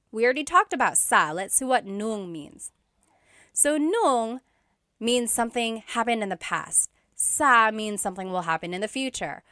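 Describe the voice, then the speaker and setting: In an online language lesson, a woman takes her time, repeating each phrase slowly so learners can keep up. Her voice is medium-pitched, bright, and clear, with a light laugh now and then between explanations. The recording is close and dry, with no room sound.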